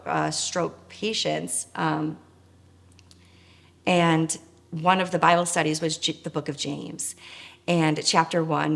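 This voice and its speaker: Woman, middle-aged, very low voice, earnest storytelling, nonprofit co-founder. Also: vocal fry. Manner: earnest, emotional, with frequent fillers. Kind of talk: personal storytelling.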